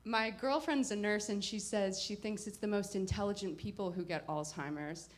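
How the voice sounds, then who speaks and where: A woman telling a personal story at a live performance, wry and reflective, with halting pauses. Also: mid-range voice. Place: live performance before an audience.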